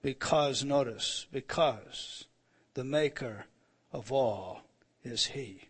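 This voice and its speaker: A man preaching a sermon, restarting his words and asking the audience questions, rising to loud, emphatic proclamation. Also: mid-range voice, slow, slightly rough.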